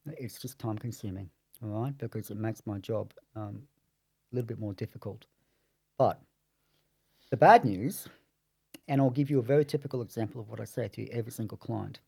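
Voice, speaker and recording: A man in the role of a family lawyer walks through court procedure in a measured, explanatory way. His voice is gravelly, husky and dark, recorded dry and close on a podcast mic. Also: mid-range voice, dry recording.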